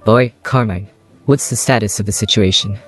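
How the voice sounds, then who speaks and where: A man voicing a gruff, demanding mercenary boss in a read story. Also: on the low side, normal speed, faint music behind, close to an everyday voice. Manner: loud, demanding.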